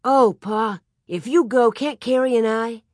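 A reader voicing an eager, lively young pioneer girl in a storybook reading. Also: mid-range voice, a little slow, no echo, clean studio sound, pitched above the performer's own voice, close to an everyday voice.

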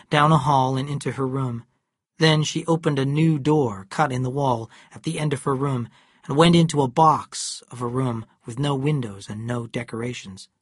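A narrator reading a novel aloud in a steady, measured storytelling manner. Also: medium pitch, husky, dry recording, clean studio sound. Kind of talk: scripted audiobook narration.

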